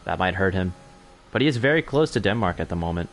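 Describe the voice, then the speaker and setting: This young race commentator covers an online racing league in a low, animated voice at a fast pace. He's chatty and self-correcting, getting livelier during on-track battles. There's a little hiss or hum.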